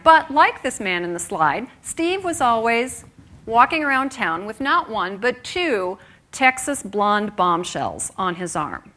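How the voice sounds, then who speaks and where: A woman giving a live presentation as a keynote speaker, animated and asking the audience rhetorical questions. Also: mid-range voice. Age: young adult.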